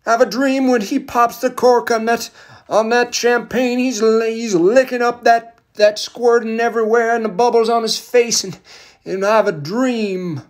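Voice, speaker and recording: A man's voice: extremely high pitch, fairly even intonation, moderate pace, pitched above the performer's own voice. A man putting on a mocking impression of a preaching orator, in a swooping sing-song delivery. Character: shrill mocking parody of a male preaching orator.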